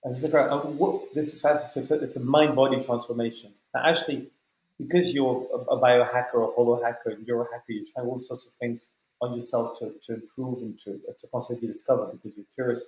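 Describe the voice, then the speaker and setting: A man hosting a podcast, asking long, measured, winding questions full of fillers. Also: medium pitch, steady tone, darkish tone. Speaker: podcast host. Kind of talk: conversational podcast interview. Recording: echoey room.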